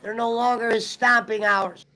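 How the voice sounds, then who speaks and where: Male streamer host, unusually high voice, swears freely while rambling through stories in loose chat. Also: fairly even intonation, normal speed, pushed and bright, rough recording. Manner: profane, rambling storyteller. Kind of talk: casual chat.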